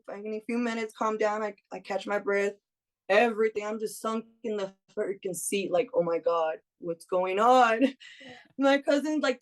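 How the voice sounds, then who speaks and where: A woman in her thirties telling a lively personal story in casual chat, laughing often and acting out what her friends said. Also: a little high. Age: 30s. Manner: animated, laughs often, acts out friends' lines. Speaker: guest.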